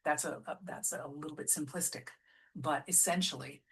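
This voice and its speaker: A woman who runs a musical theatre company, explaining lyric writing in a casual teaching vlog, patient and often restarting phrases, sounding out example lines slowly. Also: sits low, a bit bright, slightly rough. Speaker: musical theatre artistic director.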